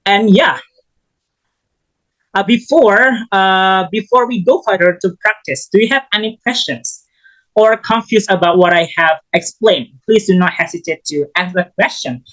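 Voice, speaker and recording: A man giving a recorded English lesson as a student teacher, halting and often restarting his phrases. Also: high-pitched, a bit bright, rough recording.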